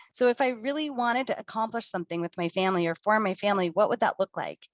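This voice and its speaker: A woman's voice: mid-range voice, quick pace, few pauses, no echo. A middle-aged woman giving a motivational talk, conversational and reflective with her audience. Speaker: co-host presenter.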